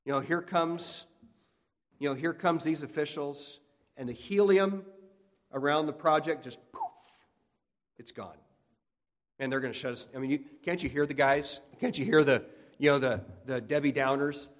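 An earnest male pastor delivering a sermon, repeating his main points and restarting phrases as he goes. His voice sits slightly high for a man, and long reverb trails off every sentence. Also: normal speed, pauses often. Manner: earnest, repetitive emphasis with frequent restarts.

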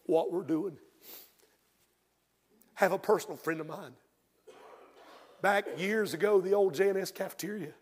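A man preaching a sermon, telling stories and swinging from loud, fervent exclamation to quiet, dropped-voice narration. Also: high voice, a little slow, long pauses, breathy edge, big-room sound. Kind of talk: sermon storytelling.

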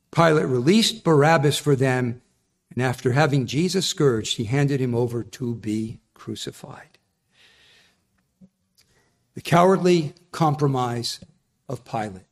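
A male preacher delivering a sermon, earnest and emphatic. His voice sits a little higher than most men's. He explains each point with steady conviction.

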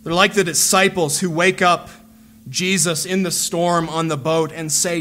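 A man preaching a sermon as a pastor, earnest and deliberate, repeating phrases as he builds a point. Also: fairly high pitch, fairly even intonation, sharp tone, a little hiss or hum.

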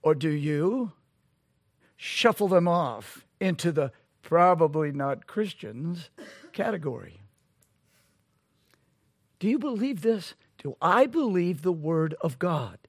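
A man's voice: high voice, sing-song, no echo, clean studio sound. A man preaching a sermon as pastor, emphatic and full of rhetorical questions. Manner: emphatic, rhetorical questions, slow deliberate delivery.

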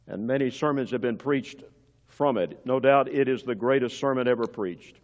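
A man's voice: mid-range voice, darkish tone, muffled recording. A middle-aged man preaching a sermon in a church, earnest and emphatic, leaning hard into key words. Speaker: pastor. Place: church sanctuary. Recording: long reverb of a large hall.

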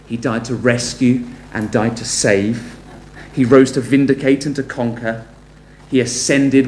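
Earnest preacher in an echoey hall. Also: male voice, medium pitch, a little mellow, slight background noise. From Britain. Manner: earnest, swings between quick storytelling and slow emphatic appeals. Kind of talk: sermon. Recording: echoey room.

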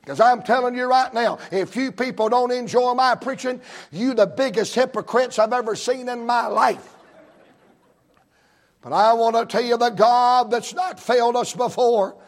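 Male preacher with a very high voice, unhurried and fervent, hammering repeated phrases. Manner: emphatic, repetitive cadence, bursts into shouting. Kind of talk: fervent revival sermon. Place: church service.

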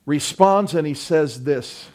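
A man preaches a sermon in a high, ringing voice. He leans hard on key phrases and draws them out. The congregation answers him throughout. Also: slow pace, darkish tone. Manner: emphatic preaching with call-and-response. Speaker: pastor.

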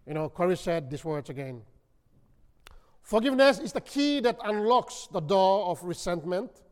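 A man preaching a sermon, telling a story dramatically and swinging from loud to hushed. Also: fairly high pitch. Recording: long reverb of a hall.

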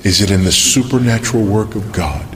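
A man with a low voice delivers a sermon. He talks in earnest, searching tones and presses his listeners with pointed questions. His voice rings with a long hall reverb. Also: fairly bright tone, slight background noise. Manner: earnest, questioning, with emphatic pauses. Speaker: preacher.

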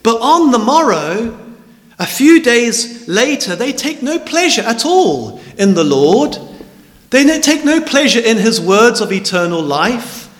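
A man preaching a sermon in a high, animated voice that rises and falls widely. He speaks slowly and with emphasis, often repeating words for stress. The sound rings with the long reverb of a large, echoey hall.

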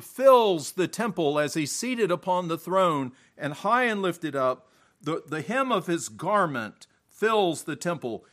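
A man preaching a sermon, slow and emphatic, often repeating words and clearing his throat. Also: fairly high pitch, a bit bright.

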